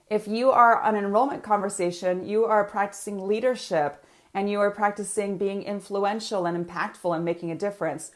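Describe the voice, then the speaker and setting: A woman coach leading a live online training. She talks in an animated way, laughs often and uses frequent filler words. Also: mid-range voice, moderate pace. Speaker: business coach teaching a training.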